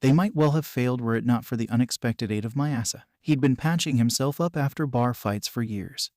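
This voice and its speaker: Man calmly narrating a story, dry sound. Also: medium pitch, brisk, no echo. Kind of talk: scripted narration.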